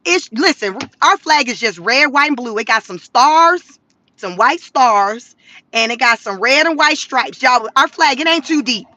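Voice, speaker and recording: A woman from the Southern US with a Southern accent, chatting to viewers in an animated, slangy commentary. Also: high voice, measured pace, dry recording. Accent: Southern American. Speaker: commentary vlogger.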